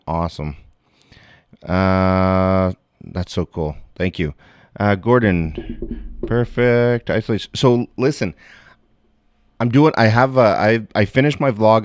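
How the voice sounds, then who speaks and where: A man's voice: lowish voice, clear, resonant tone, no echo, studio quality. A man hosting a live stream, chatting loosely and greeting viewers one by one by name. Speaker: livestream host. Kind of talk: casual livestream chat.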